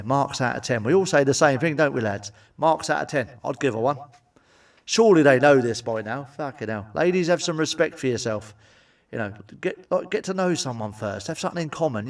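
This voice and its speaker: A man's voice: mid-range voice, far from the mic. A man doing crude stand-up comedy, blunt and sweary, with frequent asides to the audience. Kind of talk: crude stand-up joke telling.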